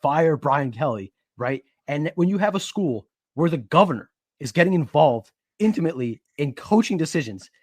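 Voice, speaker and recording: Steady analytical man on a podcast. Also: on the high side, normal speed, breathy edge, dry recording. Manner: steady, analytical, stats-heavy explaining. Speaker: podcast co-host. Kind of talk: casual sports podcast analysis.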